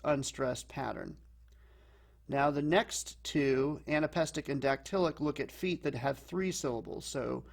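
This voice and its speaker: A man teaching a lesson, explaining calmly and slowing down to read lines of verse aloud. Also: mid-range voice, gravelly. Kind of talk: explanatory lecture.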